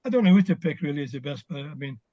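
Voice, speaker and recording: A man's voice: fairly high pitch, racing, no room sound, lo-fi sound. An older man, a former footballer, chatting as an interview guest over a video call, telling stories with plenty of fillers. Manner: reminiscing, warm storytelling with fillers. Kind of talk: casual video call chat.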